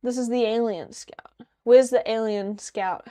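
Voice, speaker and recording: A woman's voice: a little high, fairly even intonation, a little slow, mellow. A young woman streaming casually and chatting in a rambling, joking way while she packs. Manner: rambling, joking, self-deprecating. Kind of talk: casual live-stream chat.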